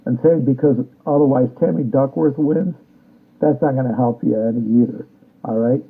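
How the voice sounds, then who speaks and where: A political commentator with a medium-pitched, creaky, slightly rough voice speaks at a normal speed. He delivers a combative, repetitive rant, often closing his sentences with a challenging "all right?". The recording sounds tinny, like a phone.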